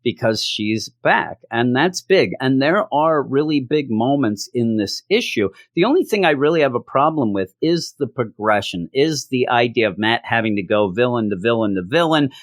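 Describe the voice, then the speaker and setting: A man's voice: mid-range voice, normal speed, hardly any pauses, no echo. Jokey man reviewing comics, dry sound. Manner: jokey, animated, acts out quotes from the story. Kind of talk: casual video review.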